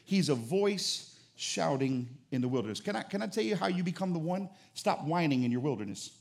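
High-voiced preacher with a forceful delivery. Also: male voice, animated, brisk, vocal fry. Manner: emphatic, full of rhetorical questions; rising to shouted declarations. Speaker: pastor. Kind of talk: sermon.

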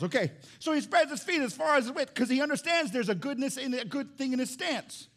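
Animated high-voiced preacher man. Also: brisk. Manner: animated, swings from loud emphasis to hushed low lines. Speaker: pastor. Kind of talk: sermon. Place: church service.

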